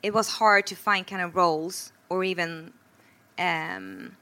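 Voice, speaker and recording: A woman's voice: fairly low pitch, animated, takes it slowly, pushed and bright. A woman from Sweden, an actor speaking on a panel. Her speech is reflective and hesitant, with frequent fillers. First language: Swedish. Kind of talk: panel discussion.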